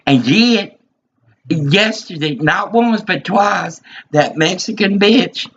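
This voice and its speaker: A husky, gravelly man in his fifties rants in a rambling recorded monologue, slow and agitated, his voice pitched a little high for a man. The dull lo-fi recording flattens it. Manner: agitated, ranting, repeats himself.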